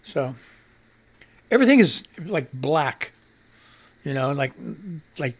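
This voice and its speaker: A man's voice: fairly high pitch, very animated, slow pace. A middle-aged man hosting a live radio show, rambling and sarcastic, often repeating himself and trailing off. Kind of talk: casual chat reading comments aloud.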